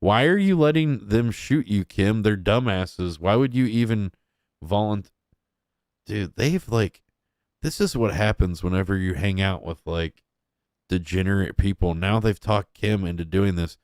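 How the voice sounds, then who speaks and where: A man's voice: on the low side, measured pace, a little mellow, no echo, studio quality. A young man giving casual, crude and mocking reaction commentary as a streamer.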